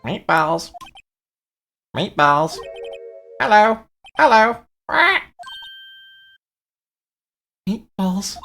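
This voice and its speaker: A woman voicing a pet parrot in a video game, repeating single words in a shrill squawk. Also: sing-song, very slow, pauses often, a bit bright, faint music behind, full character voice. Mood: squawky.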